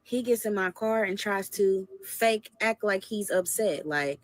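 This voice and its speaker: A woman recounts a bad date in lively, conversational story time. Her voice sits mid-range and sounds close and dry, with no room around it. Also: medium pitch, unhurried, no echo. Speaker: storyteller in a dating story video.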